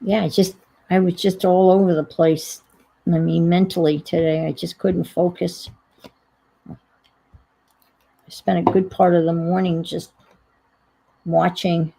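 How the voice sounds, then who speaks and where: A woman's voice: on the low side, little pitch movement, takes it slowly, creaky, long pauses, mellow, poor audio. A woman hosting a casual crafting stream, thinking aloud and rambling in a self-deprecating way as she works. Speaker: crafting livestream host. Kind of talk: casual chat while crafting.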